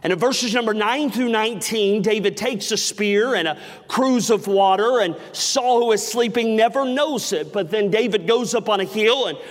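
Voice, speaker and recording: Middle-aged male pastor, high voice, animated comic storyteller, sermon in a big echoing church. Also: moderate pace. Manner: animated storyteller, acts out dialogue, self-mocking humor. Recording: reverberant hall.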